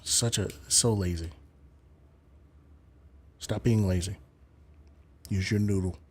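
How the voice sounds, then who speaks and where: A man's voice: low voice, steady tone, slow, darkish tone, slightly rough. A man hosting a live stream, lecturing and debating callers in an emphatic way, swearing casually.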